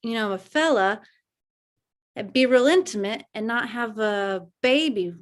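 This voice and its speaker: An actress playing a shy 1950s teen girl confiding in her friend, talking in a halting, unsure way in a live improv comedy scene. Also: a little high, lightly acted. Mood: earnest.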